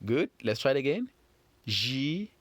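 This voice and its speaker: A man teaching French phonics to children in a patient, encouraging way, repeating sounds slowly. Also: mid-range voice, lively intonation, no echo. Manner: slow, patient, encouraging, drawn-out repetitions.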